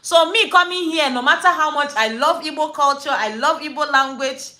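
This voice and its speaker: A woman vlogging in a relaxed, chatty way, drifting through a story with fillers and pauses. Her voice sits high and bright, and it carries a lively edge. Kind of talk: casual chat.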